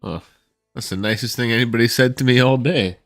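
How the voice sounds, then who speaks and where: Bright, jokey man playing a tabletop game. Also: medium pitch, fairly quick, no room sound, faint music behind. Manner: jokey, blunt. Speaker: player. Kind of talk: casual in-character chat in a tabletop game.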